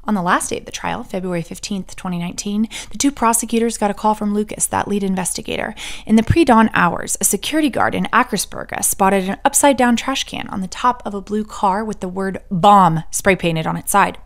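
A woman's voice: medium pitch, a little fast. A woman hosting a true crime podcast, telling the story with sarcastic asides and the odd whispered joke. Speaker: podcast host.

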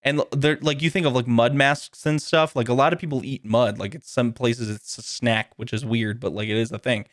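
A man hosting a casual podcast chat, rambling and laughing often, slipping into high voices when he quotes people. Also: steady tone, fairly quick, hardly any pauses, no room sound, studio quality. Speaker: podcast host.

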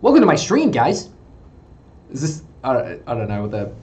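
A man's voice: medium pitch, huge pitch swings, moderate pace, long pauses, darkish tone, highs cut off. A man streaming to his viewers in goofy, hyped chatter through a cheap webcam mic, swearing, laughing and whooping.

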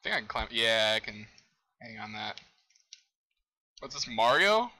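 Young male gamer, bright tense voice, excitable casual commentary. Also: lowish voice, unhurried, poor audio. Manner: excitable, exclaims and laughs at the game. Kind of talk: let's play commentary.

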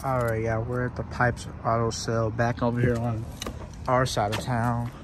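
A man's voice: medium pitch, monotone, normal speed. A man hosting a casual vlog, easygoing and talking straight to the viewers as y'all. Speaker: vlog host. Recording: vlog audio with traffic noise.

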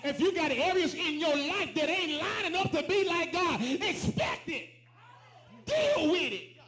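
A man with a very high voice preaches, calling out lines for the congregation to repeat and climbing into shouts. His rings through a roomy church sanctuary with plenty of echo. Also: big pitch swings, measured pace. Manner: preaching with call and response, shouting at peaks. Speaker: pastor. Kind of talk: sermon. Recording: echoey church room.

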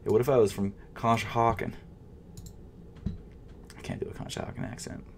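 A man with a lowish voice talking to himself as he shops online for sneakers. He swings from loud frustrated outbursts to under-the-breath whispers, casual and unscripted. A faint hiss of noise sits under the voice. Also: huge pitch swings, fairly quick, gravelly. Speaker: sneaker vlogger. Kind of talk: casual live commentary.

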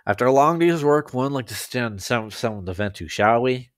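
A man's voice: medium pitch, animated, normal speed, no room sound, clean studio sound. A man casually reading fan fiction aloud, stumbling over words and making joking asides. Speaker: story reader.

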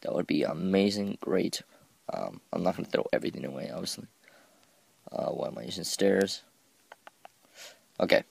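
A man talks his way through a game in a loose, rambling commentary, poking fun at himself and tripping over words. His voice sits deep and carries a gravelly fry. The recording is dry and close, with no room sound. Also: normal speed, pauses often, darkish tone, no echo. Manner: rambling, self-mocking, stumbles over words. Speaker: gameplay commentator.

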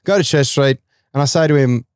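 A young Australian man, a comedian and podcast guest, telling a story in an animated way, often laughing and acting out voices. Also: mid-range voice, brisk, clean tone, no room sound, clean studio sound. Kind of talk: comic storytelling in casual chat.

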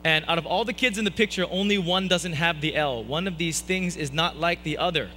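Brief: male preacher, high bright voice, self-mocking humor, church sermon. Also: brisk, slight background noise, rough recording. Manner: playful, self-mocking, jokey asides.

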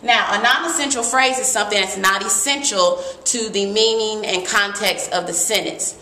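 Woman teacher, lively grammar lesson, crisp bright tone, roomy echo. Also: mid-range voice, moderate pace. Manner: lively, emphatic, reads examples aloud. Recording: echoey room.

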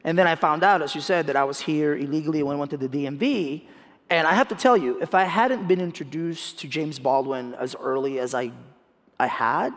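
The Filipino guest speaker, a man in his thirties, has a voice that sits fairly high for a man. In a lively onstage interview he laughs frequently and restarts with repeated words, his speech echoing with a large hall's long reverb.

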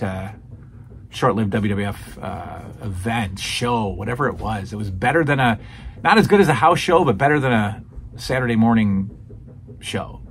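A man's voice: mid-range voice, a bit bright, slight background noise. Rambling man in casual chat. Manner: rambling, many restarts and fillers. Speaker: podcast host reviewing old wrestling shows.

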